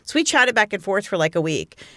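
A woman in her forties trades stories on a casual podcast. She talks loosely with lots of fillers and pops her pitch up to act out what others said. The sound is close and dry. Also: very animated, a little fast, sharp tone, no echo. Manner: chatty storyteller, acts out quotes with big pitch jumps. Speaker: podcast co-host. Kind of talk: casual chat.

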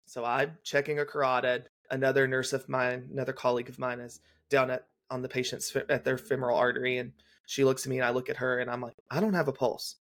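A man's voice: mid-range voice, flat delivery, fairly bright tone. Man telling a clinical story in detail. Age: young adult. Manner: detailed, brisk clinical storytelling, acts out quoted dialogue. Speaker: guest, legal nurse consultant. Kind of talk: casual storytelling in a podcast interview.

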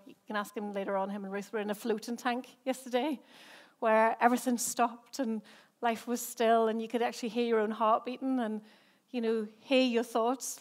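An English woman preaches a sermon in a relaxed, chatty manner, often breaking off to ask the congregation questions. Her voice sits a little higher than most women's. She is middle-aged, and her accent has softened after years among Irish speakers. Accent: English, softened by time living in Northern Ireland. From England. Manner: conversational, chatty preaching with frequent restarts and rhetorical questions. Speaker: senior pastor.

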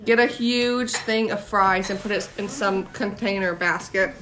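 A woman's voice: medium pitch, unhurried, a bit bright. A young woman hosting a casual podcast, chatting and explaining things step by step. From United States. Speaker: podcast host. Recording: noisy amateur recording.

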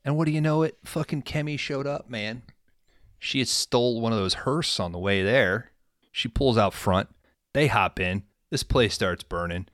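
A man's voice: mid-range voice, moderate pace, a bit bright, no echo, studio quality. A man hosting a podcast, casually recapping a movie in a laid-back, profane storytelling way. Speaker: podcast host.

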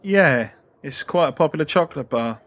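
A man's voice: fairly high pitch, lively intonation, moderate pace, a bit bright, a little hiss or hum. Dry, pedantic shopkeeper man. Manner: dry, patient, mildly pedantic. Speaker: shopkeeper in a sketch. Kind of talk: comedy sketch.

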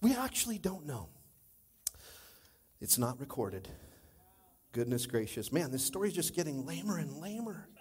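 Animated high-voiced male pastor preaching. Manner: animated, swings from loud exclamations to low asides. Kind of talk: sermon. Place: church.

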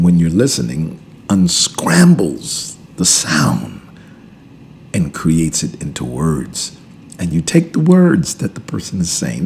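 A man, a pastor hosting a podcast, teaching in a relaxed conversational way, repeating and restarting words and chuckling between points. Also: low voice, gravelly, a little hiss or hum. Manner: emphatic, preacherly build-ups.

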